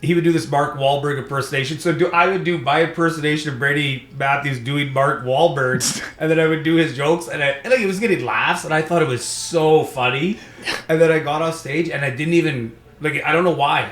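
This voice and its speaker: A man's voice: a little high, a bit bright, roomy sound, slight background noise. A young adult man from Saskatchewan, Canada, a stand-up comedian telling rambling stories in casual podcast chat. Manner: rambling storytelling, does quick voices.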